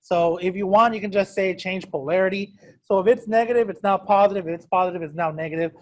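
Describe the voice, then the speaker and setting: A man leads a math lesson in a classroom, his voice sitting a little high. He is casual and self-deprecating, and he keeps checking in with the class as he goes. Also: fast. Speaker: math teacher. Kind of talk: classroom lecture. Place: classroom with students also on a video call.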